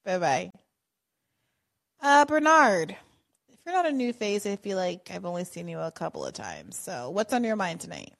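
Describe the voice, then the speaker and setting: A woman's voice: on the low side, big pitch swings, normal speed, gravelly. A woman hosting a casual call-in show, chatting with callers in a friendly way and often dropping to a murmur.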